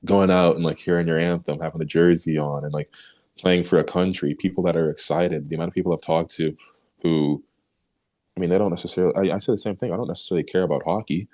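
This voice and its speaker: A young man with a very low, deep voice tells stories as an interview guest. He acts out what others said and laughs easily, keeping things casual and animated. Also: quick pace. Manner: animated storyteller who acts out quoted remarks, laughs easily.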